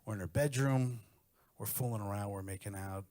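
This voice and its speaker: A man's voice: fairly low pitch, brisk, warm tone. Crude storytelling male stand-up comic. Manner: crude, conversational storytelling with acted-out quotes. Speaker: stand-up comedian guest. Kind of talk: stand-up set, then casual chat. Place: radio studio.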